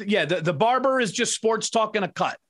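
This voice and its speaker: A man with a notably high speaking voice co-hosting a podcast. He talks in an excitable, rambling way, piling up plans and swearing freely in casual chat. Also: brisk. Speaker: podcast co-host.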